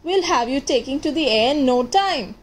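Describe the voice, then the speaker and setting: A woman reading aloud as a kindly middle-aged male park keeper who speaks gently and eagerly. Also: high voice, animated, moderate pace. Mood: excited.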